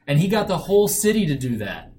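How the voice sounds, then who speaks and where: A man's voice: a little high, sing-song, fast talker, warm tone. A man co-hosting a casual Bible chat, earnest and reflective, with dry asides.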